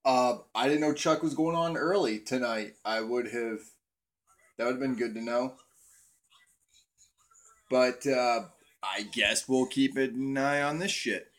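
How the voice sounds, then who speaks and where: A man's voice: mid-range voice, a little slow, pauses often. A young man hosting a casual livestream on his cell phone, rambling and swearing as he talks to viewers in chat. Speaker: livestream host.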